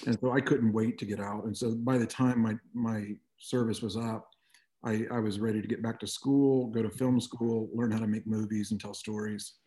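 Mellow low-voiced reflective man. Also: flat delivery, normal speed. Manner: reflective, with many "you know" asides. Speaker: guest. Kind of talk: conversational interview.

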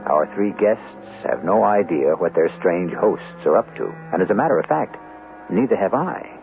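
Deep gravelly radio mystery host, wry and theatrical, old tinny broadcast with music behind. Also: male voice, animated, moderate pace, slight background noise. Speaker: host and narrator. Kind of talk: radio drama narration.

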